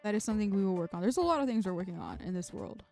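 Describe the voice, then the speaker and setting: A woman's voice: mid-range voice, animated, rapid-fire, vocal fry, a little mellow, faint music behind. A woman streamer chatting casually through gameplay, muttering to herself and swearing now and then.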